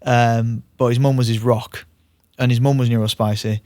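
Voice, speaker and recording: A man with a medium-pitched voice hosts a casual podcast conversation at a moderate pace, recorded dry. He's a lively storyteller, chatty and laughing often.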